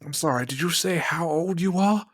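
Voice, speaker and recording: A suave old-Hollywood gentleman, put on by a man, purrs in a refined mid-Atlantic drawl, pitched well above his natural register. He sounds teasing and over-polished, the way a classic film star would talk. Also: moderate pace, natural voice. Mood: smug, teasing.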